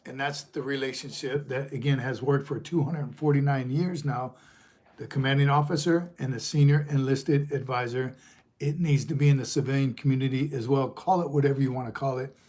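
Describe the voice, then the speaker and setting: A man's voice: mid-range voice, steady tone, fairly quick, a little mellow. A middle-aged man, a retired Marine sergeant major, hosting a casual livestream and rambling as he reads viewer comments aloud.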